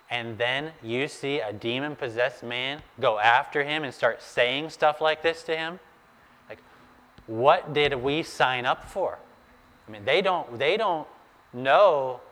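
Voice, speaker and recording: Preaching in a big-sounding room, a pastor with a mid-range voice animatedly recounts a story and calls on his congregation to imagine the scene.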